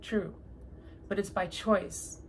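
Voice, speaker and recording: A woman from Canada speaks in a casual, opinionated way, making her case with one rhetorical question after another. Her voice has a gravelly edge of vocal fry, and her pitch sits in a middle range. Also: steady tone, slow pace, a little hiss or hum, low-quality recording.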